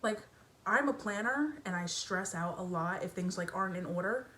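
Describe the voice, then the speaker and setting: A young woman talks through her makeup in a relaxed get-ready-with-me chat, full of fillers and self-conscious asides. Her pitch sits in an ordinary middle range. The recording was made at home, with faint household noise behind her. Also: moderate pace. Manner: chatty, filler-heavy, self-conscious and giggly. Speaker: beauty vlogger. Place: home bedroom with family noise downstairs.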